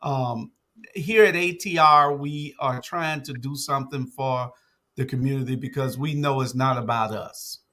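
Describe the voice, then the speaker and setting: A man's voice: medium pitch, a little slow. An older man who runs a media network, talking casually on a talk show with many "uh" and "um" fillers. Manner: relaxed, uses many fillers like "uh" and "um".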